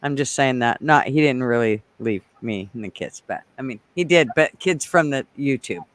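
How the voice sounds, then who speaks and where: A man's voice: medium pitch, animated, moderate pace, a bit bright. A man hosting a casual podcast chat, joking, teasing and swearing freely. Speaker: podcast host.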